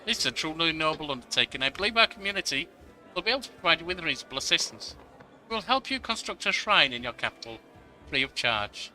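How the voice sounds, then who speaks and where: A man reading a humble high priest's lines aloud in an earnest, courteous manner. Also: sing-song, fast talker, pushed and bright, faint music behind, heavily acted.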